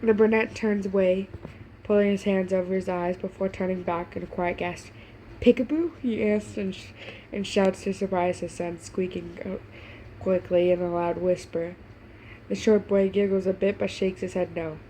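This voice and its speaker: Woman reader, warm mellow voice, slight hiss behind, reads fan fiction with stumbles and voiced lines. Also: lowish voice, level tone, moderate pace, rough recording. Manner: stumbling over words, breaking off to gush; puts on voices for the characters. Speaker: fanfiction reader. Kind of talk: reading fan fiction aloud with reactions.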